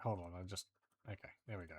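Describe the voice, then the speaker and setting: Low-pitched and husky, a man talks fast as he plays a retro role-playing game for a let's play. He thinks aloud and reads out game text and combat results in casual gameplay commentary.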